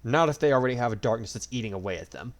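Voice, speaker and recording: A man's voice: mid-range voice, expressive, rapid-fire, natural voice. A man doing a smug, cruel dragon god. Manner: mocking, drawling, theatrical.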